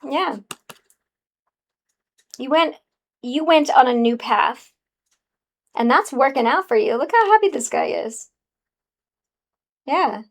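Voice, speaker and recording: A woman's voice: high voice, expressive, slow pace, pauses often. A woman giving a casual, sassy spiritual card reading to the viewer, calling them honey. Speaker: tarot card reader.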